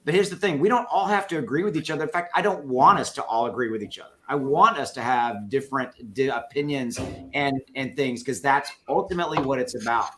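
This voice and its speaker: A man's voice: mid-range voice, brisk, fairly bright tone, slight background noise. A man with a Texas accent making an earnest, emphatic point on a video call, with plenty of filler words. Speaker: crypto streamer. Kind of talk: casual live-stream chat.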